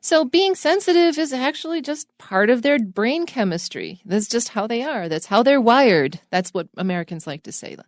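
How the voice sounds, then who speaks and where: A woman's voice: a little high, very animated, normal speed, few pauses, no room sound, clean studio sound. A woman co-hosting an English lesson, reading example sentences and adding joking asides. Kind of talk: casual lesson banter.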